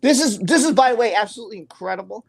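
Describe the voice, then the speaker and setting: A woman's voice: a little high, expressive, very fast, a little mellow, breathy edge. A woman with a New York accent hosting a casual livestream chat, reading out viewer comments and chatting loosely. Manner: chatty, reads viewer comments aloud, laughs easily. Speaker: host.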